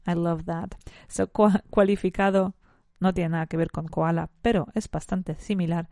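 A woman with a fairly low, dark, steady voice teaches English vocabulary to Spanish speakers in a bilingual lesson, talking fairly quickly. She switches between English and Spanish, corrects herself, and adds chatty asides. The sound is clean studio quality with no room sound.

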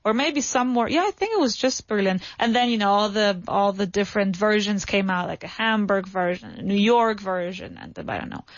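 A woman's voice: mid-range voice, fairly quick, hardly any pauses, no room sound, muffled recording. A woman teaching an English class in a studio, upbeat and encouraging, correcting her students' pronunciation. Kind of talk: classroom language lesson.

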